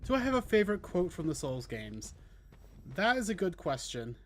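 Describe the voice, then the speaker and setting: A man's voice: high-pitched, very animated, moderate pace, slight background noise. Chatty guy commentating his gameplay. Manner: chatty, self-deprecating, casual swearing. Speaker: streamer playing a game. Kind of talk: casual let's play commentary.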